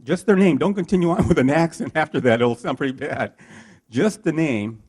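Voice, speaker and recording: A man's voice: on the high side, a little fast, husky. A man teaching a live networking workshop and asking his audience questions as he coaches them. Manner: lively, coaching, asks the room questions. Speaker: workshop trainer.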